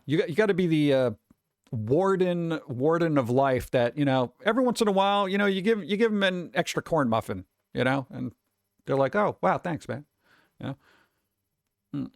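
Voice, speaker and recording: A man's voice: on the high side, no room sound, clean studio sound. A man in his forties, a streamer rambling casually and answering chat, swearing and chuckling often.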